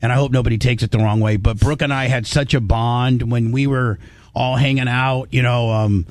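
A man's voice: mid-range voice, steady tone, normal speed, darkish tone, no echo. A man hosting a radio show, rambling and stammering as he reminisces on a call. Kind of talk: emotional radio phone conversation.

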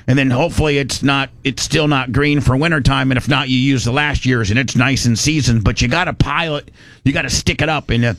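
A man's voice: mid-range voice, dry recording. A middle-aged man from Indiana telling a long casual story, rambling with many restarts and salty words.

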